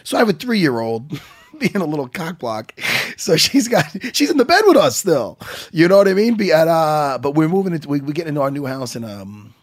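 A man's voice: a little high, sing-song, brisk, no echo, studio quality. A middle-aged man co-hosting a podcast, rambling casually with lots of swearing and restarts. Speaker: podcast co-host.

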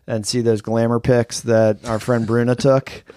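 A man's voice: medium pitch, little pitch movement, a little slow, mellow, dry recording, studio quality. A man co-hosting a podcast in casual chat, upbeat and teasing as he steers the show. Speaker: podcast co-host.

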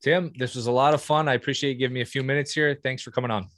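Male sports podcast host: quick, upbeat delivery, dry close recording. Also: mid-range voice, steady tone, a bit bright, dry recording. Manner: upbeat, friendly, quick questions. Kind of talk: podcast interview, casual chat.

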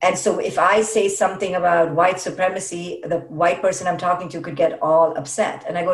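A woman's voice: mid-range voice, fast, hardly any pauses, distant mic. A woman speaks with conviction, leaning on repeated words for emphasis. Her voice sits back from the microphone in a roomy space that adds a noticeable echo. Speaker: guest speaking on parenting. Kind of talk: conversational podcast talk. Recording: roomy sound, voice off-mic.

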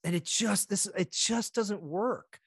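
A man speaking as a podcast guest, his voice on the higher side for a man. He tells stories in a lively way and slips into the voices of the people in them. The sound is close and dry. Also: takes it slowly, creaky, slightly rough, dry recording. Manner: animated storyteller acting out quoted voices. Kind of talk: conversational interview.

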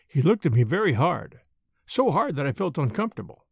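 Gravelly male audiobook narrator. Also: on the high side, sing-song, no echo, clean studio sound. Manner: measured storytelling, characters' lines read with hesitation. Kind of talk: first-person novel narration.

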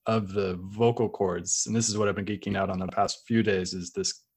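A man's voice: low-pitched, little pitch movement, fairly quick, husky. A man hosting an interview, asking long questions with many hesitations and fillers. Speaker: podcast host. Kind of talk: conversational interview.

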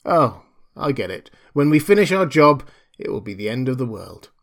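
Reading an audiobook, a man voices George, a weary, bored computer engineer who is homesick and far from home and speaks in a dry, grumbling way. The narrator's voice is medium in pitch with big pitch swings, delivered at normal speed.

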